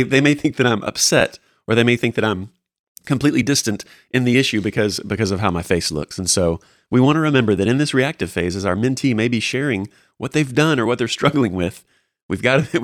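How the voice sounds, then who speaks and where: A man's voice: mid-range voice, no room sound, clean studio sound. A man co-hosting a faith-based talk on mentoring, speaking earnestly and encouragingly with frequent restarts. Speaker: co-host discussing mentoring. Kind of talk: casual faith-based discussion.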